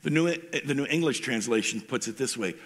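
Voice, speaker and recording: A man's voice: mid-range voice, expressive, fairly quick, a bit bright. A pastor preaching a sermon in an informal storytelling way, often stumbling and repeating words as he starts a thought.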